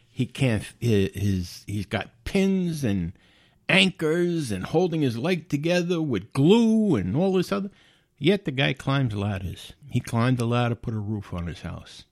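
A man's voice: medium pitch, darkish tone, dry recording, clean studio sound. A middle-aged man hosting a podcast, talking bluntly in a casual monologue and often repeating and restarting words. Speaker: podcast host.

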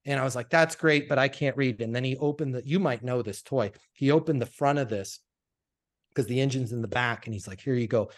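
A man, a sales coach being interviewed, telling stories in a casual, animated way and acting out the dialogue. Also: mid-range voice, fairly quick. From Colorado, USA.

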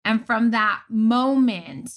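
A woman's voice: a little high, slow. A middle-aged woman, a mother, telling a family story in casual talk and acting out what people said. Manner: animated storyteller, acts out quotes. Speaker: mother and podcast co-host.

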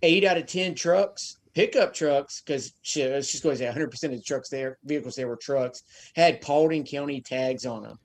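A man's voice: mid-range voice, moderate pace. A man from Georgia in a casual podcast chat, rambling through anecdotes with swearing.

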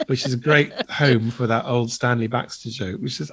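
A middle-aged man, a guest impressionist, chatting casually on a podcast, rambling fast and slipping into voices mid-sentence. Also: medium pitch, husky, no echo.

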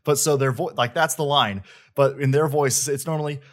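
A man's voice: medium pitch, fairly even intonation, moderate pace. A man hosting a casual chat, rambling enthusiastically about a video game. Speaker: host, game reviewer.

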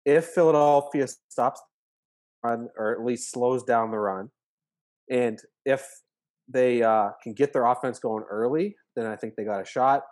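A man joining a sports podcast as a guest, reasoning through his pick in a measured way. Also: medium pitch, darkish tone. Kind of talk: casual sports talk.

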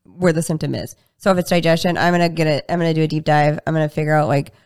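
Gravelly woman explaining her practice. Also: rapid-fire. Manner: animated, acts out patient dialogue in higher voices. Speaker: guest practitioner. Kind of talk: casual interview chat.

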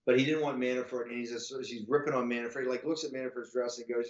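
A man's voice: mid-range voice, steady tone, fast. Male podcast guest, loose profane storyteller who acts out the other voices; muffled, echoey room sound. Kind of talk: casual anecdotal storytelling.

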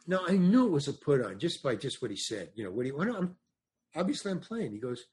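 With a medium-pitched, husky, darkish voice, the older comedian swings widely in pitch and talks at a quick clip. Guesting on a podcast, he tells a drawn-out story, acts out quoted exchanges and keeps restarting his sentences.

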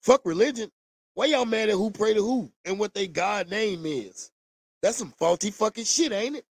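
A man's voice: sits high, lively intonation, normal speed, vocal fry, dry recording. A man ranting to the camera in a blunt, profane, preachy monologue. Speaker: vlogger. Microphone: camera mic.

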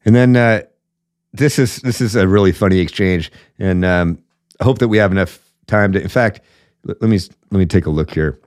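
A man's voice: low-pitched, normal speed, a little mellow, no echo, clean studio sound. A man hosting his own political commentary show, blunt and emphatic, calling it as he sees it between frequent fillers. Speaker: podcast host.

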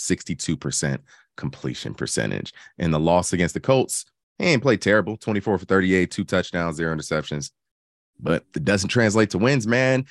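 A man with a low voice riffing through football talk in a dry, close-miked sound. He talks in an animated, joking way and swears casually, trailing off with asides between stats and opinions. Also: dry recording. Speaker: podcast co-host.

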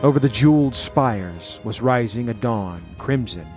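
A man narrating a pulp fantasy story in a steady, deliberate way. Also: medium pitch, faint music behind. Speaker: audiobook narrator. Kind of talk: scripted narration.

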